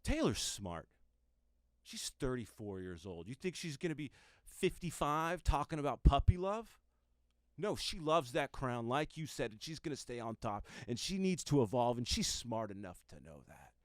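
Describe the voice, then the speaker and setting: A man hosting a comedy podcast, giving a mock-serious monologue with dramatic pauses and muttered asides. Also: mid-range voice, sing-song, dry recording, studio quality. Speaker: comedian host.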